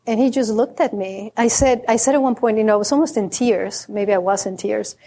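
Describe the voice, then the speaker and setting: A woman Zen teacher giving a dharma talk. She is reflective and candid, slowing down to stress key words, with some self-deprecating humor. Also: medium pitch, dark tone.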